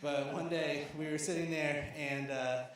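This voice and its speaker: A man's voice: on the high side, steady tone, a little slow. A man from Arkansas tells stories in a loose, conversational way, full of fillers and restarts. His voice bounces around a very reverberant lecture hall. A faint background hum runs underneath. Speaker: speaker at a lecture series. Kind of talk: storytelling talk. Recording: very echoey hall.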